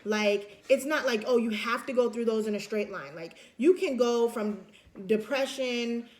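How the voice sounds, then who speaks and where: Lecturer woman with a higher-pitched voice, chatty and informal, acts out examples for students. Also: unhurried, darkish tone. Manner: chatty, acts out examples, many fillers and restarts. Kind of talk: casual recorded lecture.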